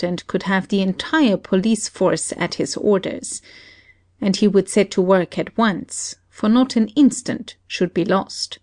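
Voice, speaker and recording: Woman narrating a classic story. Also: medium pitch. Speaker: audiobook narrator.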